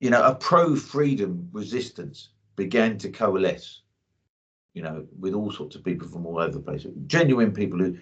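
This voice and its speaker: A man's voice: low voice, expressive, normal speed. A man talking bluntly in a casual two-way chat, leaning on "you know" as he goes. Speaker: co-host. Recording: dull lo-fi audio.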